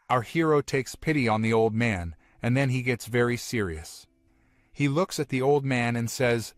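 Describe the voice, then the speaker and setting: A man narrating a comic-book story recap in a plain, steady storytelling manner. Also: medium pitch, normal speed, no echo.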